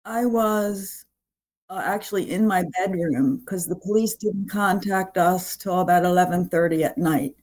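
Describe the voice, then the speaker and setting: A middle-aged woman, a guest on the show, giving a halting, emotional personal account as the mother of a murder victim. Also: lowish voice, a little mellow. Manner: halting, with many fillers and restarts.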